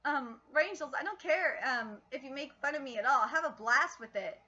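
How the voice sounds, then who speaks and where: Mild modest young guy voiced by a woman, calm and soft, high bright voice, lo-fi. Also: normal speed. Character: gentle self-effacing young man. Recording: lo-fi stream audio.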